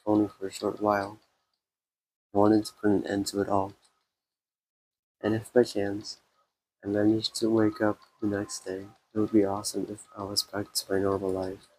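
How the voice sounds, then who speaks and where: A man streaming a game, reading its text aloud in a subdued way and breaking off for quick comments. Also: lowish voice, monotone, a little mellow, slight background noise, low-quality recording.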